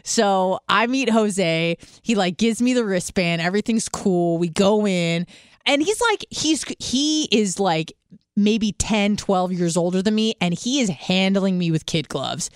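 A young woman tells a story on a podcast, bouncing between voices for the people in it and swearing freely. Her pitch sits in the middle range. The sound is dry and close. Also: animated, measured pace, clear, resonant tone, no echo. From California. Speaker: podcast guest. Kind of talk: casual storytelling.

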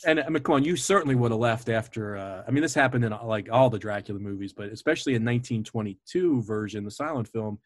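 A man's voice: mid-range voice, fast, few pauses, no echo, studio quality. A man hosting a podcast, chatting casually and eagerly, often digressing and laughing, over a remote call. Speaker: podcast host. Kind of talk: casual chat.

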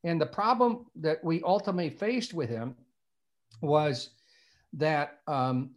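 A man's voice: fairly high pitch, a little slow. An older man from Indiana, a screenwriter telling a long anecdote in an interview, meandering and repeating words as he restarts. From Indiana, USA. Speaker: screenwriter guest.

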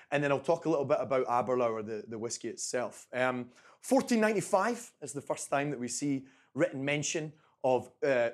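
Scottish guy in his 20s leading a tasting for a crowd, bit high voice, keeps saying okay?. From Scotland. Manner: chatty, repeats phrases, checks in with 'okay?'. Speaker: brand ambassador presenting a tasting. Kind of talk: live tasting talk to an audience. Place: event room with a live audience.

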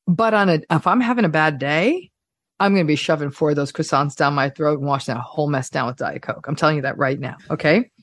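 A woman clinical psychologist talking casually on a podcast, animated and playful, acting out everyday examples. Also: on the low side, no room sound, clean studio sound.

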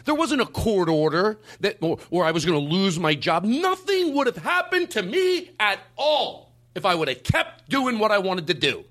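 A man hosting a podcast in casual chat, talking in a rambling, animated way with some swearing. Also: sits high, normal speed, hardly any pauses. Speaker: podcast host.

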